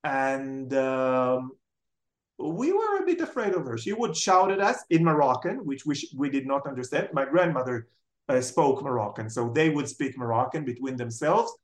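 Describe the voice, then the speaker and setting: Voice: mid-range voice, moderate pace, roomy sound. A speaker from Israel, a memoir author telling family stories in an interview and acting out the people quoted. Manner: animated storyteller, acts out quoted family members. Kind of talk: storytelling interview answers.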